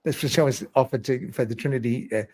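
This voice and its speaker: A man's voice: medium pitch, fast talker, mellow. A man hosting a casual livestream, reading viewer comments aloud and laughing often. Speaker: livestream host.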